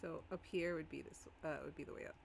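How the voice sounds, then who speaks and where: A woman's voice: sits low, steady tone, fast, gravelly. A woman acting as game master in a live-streamed tabletop game, narrating casually and laughing often.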